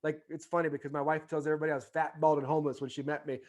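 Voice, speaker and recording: Fervent, rambling man, higher voice. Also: level tone, rapid-fire, darkish tone. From United States. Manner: rambling, many fillers and restarts; fervent motivational delivery. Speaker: podcast guest, former baseball player. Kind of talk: casual interview storytelling.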